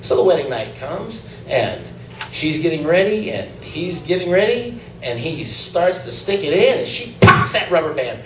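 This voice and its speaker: High-voiced man for a crude open-mic stand-up set; roomy club sound, mic at a distance. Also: sing-song, moderate pace, a little hiss or hum. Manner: crude joke-telling, laughing at own jokes. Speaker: stand-up comic. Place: small comedy club.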